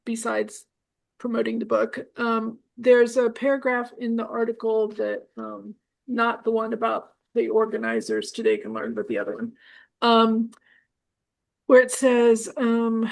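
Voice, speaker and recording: A slightly high-pitched woman with a gravelly, fry-edged voice runs a casual discussion group. She speaks briskly, keeps an eye on the clock and moves people along. Her tone stays practical and organized. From New Orleans area. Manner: brisk, keeps time, reads aloud.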